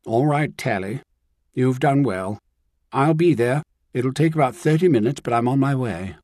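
A man's voice: fairly low pitch, very animated, takes it slowly, no echo, studio quality, full character voice. A man reading the part of a controlled, authoritative woman in an audiobook, firm and clipped.

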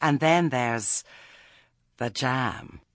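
A man's voice: mid-range voice, extremely slow, a bit bright, no room sound, studio quality. A man doing a prim, fussy committee lady.

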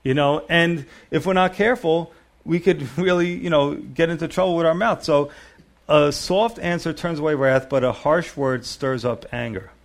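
A man's voice: a little high, moderate pace. A middle-aged male pastor giving a sermon, reading scripture aloud and explaining it in a conversational manner.

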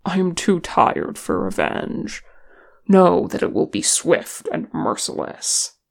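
A reader voicing a gruff, teasing male dwarf warrior who is tired and speaks bluntly, with a grumbling manner. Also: medium pitch, big pitch swings, takes it slowly, heavily acted.

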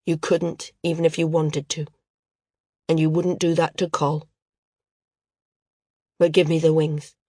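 A grieving older father, speaking slow and heavy with a low, weary sadness, as a woman narrator reads him. The sound is dry and close. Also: little pitch movement, a little mellow, breathy edge, dry recording. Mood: stern.

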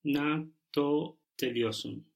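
A man's voice: fairly high pitch, gravelly. A man learning a language, carefully repeating words and answering his teacher's prompts. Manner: slow, careful repetition of words. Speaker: language student. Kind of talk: repeating phrases in a lesson.

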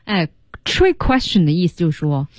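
A woman with a voice on the low side, slightly mellow and very animated, speaks at a moderate pace. She hosts a bilingual English lesson on radio, explaining energetically and slipping English words into her speech. The recording is studio quality from a radio studio, with no room sound.

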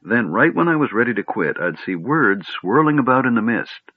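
A man doing a fussy, excitable gnome. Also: normal speed, slightly rough, no room sound. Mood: fretful. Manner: anxious, high and fussy. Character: fretful, excitable male gnome. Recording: dry, tinny phone-like audio.

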